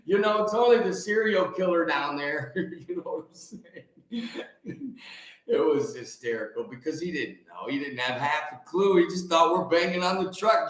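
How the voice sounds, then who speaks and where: A man in his forties hosting a livestream, greeting viewers by name and talking in an excitable, preachy way, repeating phrases for emphasis. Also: sits high. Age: 40s. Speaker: livestream host. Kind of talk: energetic livestream talk. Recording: very echoey room.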